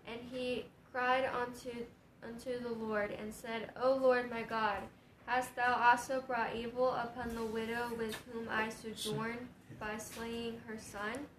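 A woman reading scripture aloud in a steady, measured, formal manner. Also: on the high side, roomy sound, a little hiss or hum, rough recording. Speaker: scripture reader.

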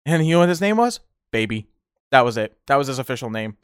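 A man's voice: mid-range voice, sing-song, fast, clear, resonant tone, no echo, studio quality. A man hosting a casual podcast, rambling through memories with frequent laughter. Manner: rambling, laughs often, many fillers. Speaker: streamer podcast host. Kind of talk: casual nostalgic chat.

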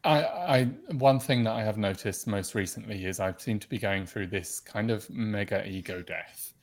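A man chats on a podcast in a fairly low voice, reflective and quick to laugh. He draws out his phrases as he talks. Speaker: podcast co-host. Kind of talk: casual chat.

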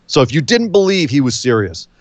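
A man co-hosting a casual wrestling podcast, telling match stories with energy and quick asides. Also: on the high side, no echo. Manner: animated storyteller, mimics wrestlers' voices. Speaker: podcast co-host. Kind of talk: casual wrestling recap chat.

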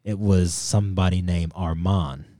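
Low, dark-voiced man rambling through a story. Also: steady tone, unhurried, dry recording. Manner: rambling, retells with quoted voices, stammers when worked up. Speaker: podcast co-host. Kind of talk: casual chat storytelling.

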